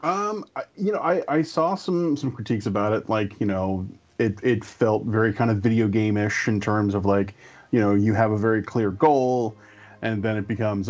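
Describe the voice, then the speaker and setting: A man co-hosting a casual geek podcast, laid-back and profane, with animated asides. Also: lowish voice, moderate pace, highs cut off, soft background music. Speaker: podcast co-host.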